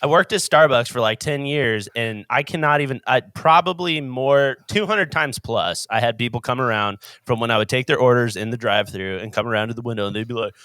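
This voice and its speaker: A man's voice: mid-range voice, fairly quick, few pauses, fairly bright tone, clean tone, no echo, clean studio sound. A man hosting a podcast in a chatty, upbeat way, with many filler sounds. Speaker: podcast host. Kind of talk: casual podcast chat.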